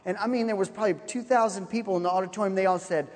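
A man preaching a sermon, telling a personal story with animated, laughing delivery. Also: sits high, racing. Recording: long hall reverb.

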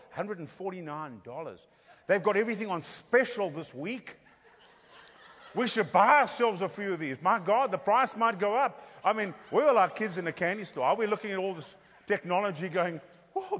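A middle-aged South African man preaches a humorous storytelling sermon, his voice high-pitched, expressive and fairly bright at a normal pace. He plays around, acting out the dialogue and tossing in rhetorical "Hello?" asides, all under a long hall reverb.

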